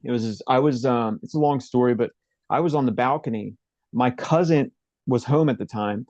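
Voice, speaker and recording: A man interview guest recounting a personal story in a halting, rambling way, with many fillers and restarts. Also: mid-range voice, darkish tone, no room sound, highs cut off.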